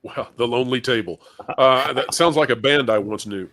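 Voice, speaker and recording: A man's voice: mid-range voice, normal speed, fairly bright tone, no room sound. A man hosting a livestream panel, upbeat and playful, with jokes between introductions. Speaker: host.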